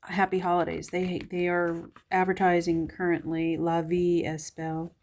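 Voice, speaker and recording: A woman's voice: fairly low pitch, completely flat delivery, normal speed, a little mellow. A woman with a Southern US accent, casually flipping through a magazine and giving a musing commentary as she thinks aloud. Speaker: magazine reviewer.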